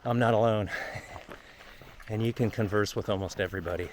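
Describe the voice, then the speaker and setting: A man's voice: on the low side, fairly quick, darkish tone, a little hiss or hum. Candid rambling man on a trail. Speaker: vlogger on a long walk. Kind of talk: casual travel vlog talk. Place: outdoors on a walking trail.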